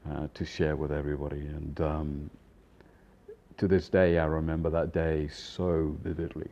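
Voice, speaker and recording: A man in his fifties, a chef, telling a casual anecdote in an animated way, acting out voices and laughing often. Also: very deep voice, lo-fi sound, a little hiss or hum. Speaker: chef and storyteller.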